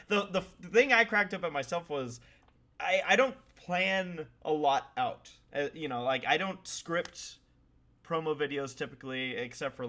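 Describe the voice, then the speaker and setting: A man's voice: mid-range voice, a bit bright. A man in his thirties hosting a podcast, chatting casually with lots of fillers and restarts. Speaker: podcast host.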